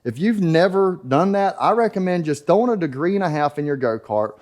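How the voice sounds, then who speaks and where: Brief: male vlogger, rambling jokey shop talk, slightly high voice. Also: expressive, brisk, a little mellow. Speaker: kart racer and channel host. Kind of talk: casual joking shop vlog. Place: workshop.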